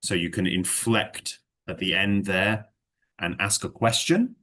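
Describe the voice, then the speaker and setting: A low-pitched man speaking a bit slowly tutors a single English student in a laid-back chat. After plenty of rambling, hedging, and fillers, he explains things by working through examples.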